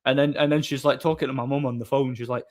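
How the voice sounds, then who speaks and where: A man's voice: medium pitch, steady tone, quick pace. Rambling male streamer. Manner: opinionated, rambling, repeats words while thinking. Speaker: streamer host. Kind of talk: casual chat answering viewers.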